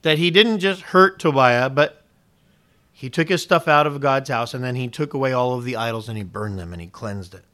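Throwing pointed questions at his congregation and stressing key words with building intensity, this male preacher delivers his sermon at a moderate pace. His voice is mid-range, bright, and forceful.

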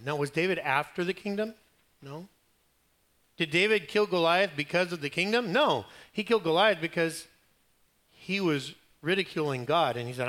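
A man preaches a sermon by telling a Bible story in a humorous, conversational way, acting out the quoted lines and growing loud at the climaxes. His voice is on the high side, at a measured pace with long pauses.

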